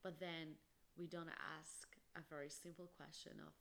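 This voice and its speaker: A woman's voice: low-pitched, level tone, moderate pace, fairly bright tone. A young woman hosting a solo podcast, talking emphatically and passionately, with lots of "literally" and "like". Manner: emphatic, impassioned, peppered with "literally" and "like". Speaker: podcast host.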